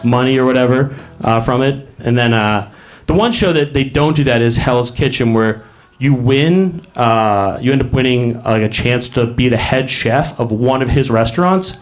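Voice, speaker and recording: A man's voice: mid-range voice, normal speed. A man performing a rambling stand-up comedy set on a comedy club stage, laughing at his own jokes.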